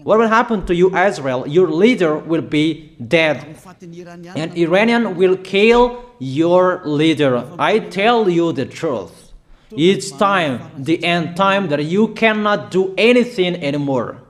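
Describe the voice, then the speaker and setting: Male preacher, fairly high voice, slow deliberate delivery, emphatic repeated proclamations, non-native English phrasing. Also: expressive. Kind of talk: prophetic declaration sermon.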